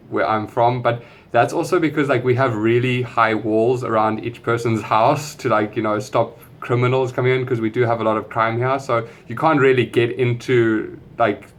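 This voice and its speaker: A young man with a white South African English accent, chatting casually through an accent tag video in a relaxed, rambling way with lots of fillers. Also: medium pitch. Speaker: vlogger.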